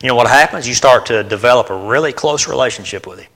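A man preaching a sermon in a church, animated and asking the congregation rhetorical questions. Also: mid-range voice, quick pace.

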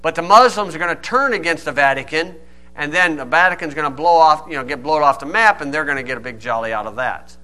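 A man preaching a sermon, stressing key words loudly and dropping to quiet asides. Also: a little high, expressive, fast talker. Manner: emphatic, swings from loud stresses to quiet asides.

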